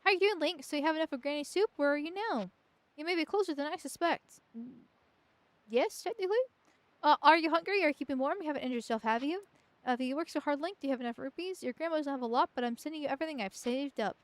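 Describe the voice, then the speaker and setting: A woman reading out a letter as a gentle, loving old grandmother writing to her grandson, soft and caring. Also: high-pitched, quick pace, no echo, pitched above the performer's own voice, lightly acted. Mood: tender.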